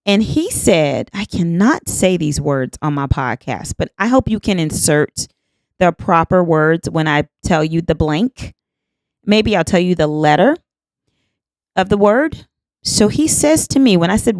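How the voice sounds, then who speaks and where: A woman in her fifties hosts her podcast and tells a personal story with lively delivery, voicing both herself and the other person. Her voice sits a little low. The sound is dry and close, with no room echo. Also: moderate pace. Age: 50s. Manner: animated, acts out both sides of the exchange. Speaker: podcast host. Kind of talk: storytelling monologue.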